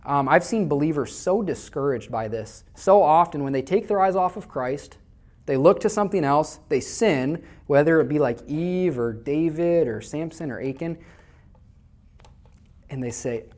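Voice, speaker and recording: Before a live church congregation, a preacher from Iowa, USA, shares stories in a conversational sermon, often repeating words as he launches into a phrase. His voice sits on the high side, animated and at a moderate pace.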